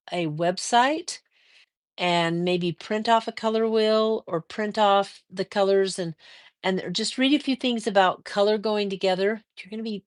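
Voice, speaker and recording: An older woman hosting a casual quilting livestream, reading viewer comments aloud and answering them with chatty encouragement and drawn-out fillers. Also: medium pitch, no room sound, clean studio sound.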